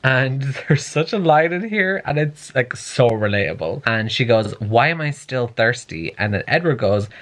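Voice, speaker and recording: A man's voice: medium pitch, expressive, normal speed, hardly any pauses, fairly bright tone. A young man in a casual book-reaction vlog, chatty and campy, reading lines aloud with sassy asides. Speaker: book vlogger.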